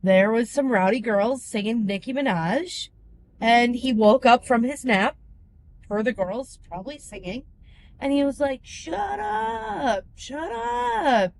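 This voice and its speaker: A woman with a fairly high voice tells a rambling story. She is chatty and sometimes stops to search for a word. A faint hiss of noise sits behind her. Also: measured pace. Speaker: passenger. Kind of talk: casual chat.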